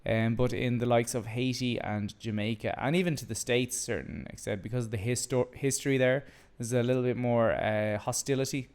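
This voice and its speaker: A man's voice: medium pitch, fairly even intonation, brisk, darkish tone. A young man hosting a podcast, chatting loosely with a friend, swearing casually and restarting his sentences. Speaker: podcast host. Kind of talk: casual chat.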